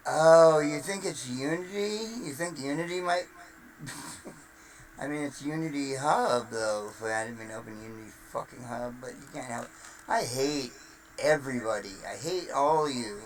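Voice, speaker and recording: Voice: normal speed, slight background noise, low-quality recording. Profane, exasperated streamer ranting. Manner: profane, exasperated, low-voiced. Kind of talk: live-stream rant.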